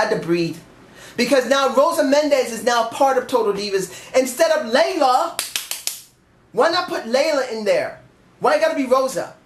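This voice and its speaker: A man giving a rambling, emphatic and candid casual review of a wrestling show. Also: sits high. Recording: echoey room.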